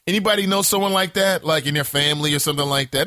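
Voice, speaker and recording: A man hosting a casual morning talk show, telling a story in an animated, profane way. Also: fairly high pitch, fast talker, no echo, clean studio sound. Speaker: host.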